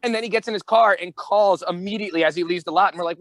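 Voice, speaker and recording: A man co-hosting a podcast in casual chat, an animated storyteller who acts out voices and swears. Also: sits high, rapid-fire, no room sound, rough recording. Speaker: podcast co-host.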